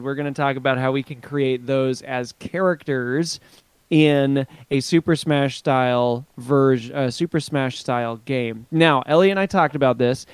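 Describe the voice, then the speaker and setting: A man's voice: mid-range voice, a little slow, smooth, no echo. A man co-hosting a casual podcast, talking in a playful, teasing way with his co-host.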